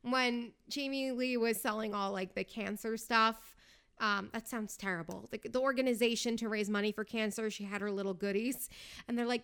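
A young woman chats casually on her own podcast, her fairly high voice moving at a moderate pace with fairly even intonation. Her tone is clean and a bit bright, and her humor is sarcastic and tongue-in-cheek.

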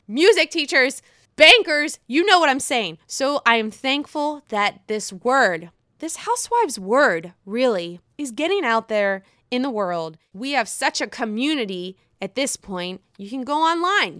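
A woman's voice: fairly high pitch, pushed and bright, smooth, no room sound, studio quality. A woman giving casual solo commentary as a reality TV fan, chatty, gushing and freely swearing.

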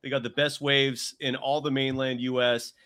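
A man co-hosting a casual sports podcast, laid-back, laughing often and firing off quick asides. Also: medium pitch, little pitch movement, bright, forceful tone, clean tone. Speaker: co-host.

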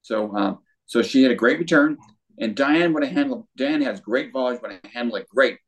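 Older male guest, lively storyteller who acts out quotes, average pitch. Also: moderate pace. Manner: animated storyteller with acted quotes. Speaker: guest, former tennis pro. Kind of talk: storytelling interview.

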